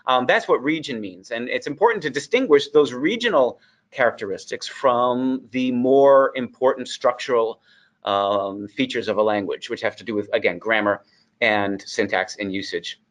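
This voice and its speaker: Male lecturer from the Boston area, American English with faint Boston traces, mid-pitched, thoughtful, hesitant fillers. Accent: General American, faint Boston traces. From Boston area, United States. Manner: thoughtful, many ums and uhs, slows on key terms.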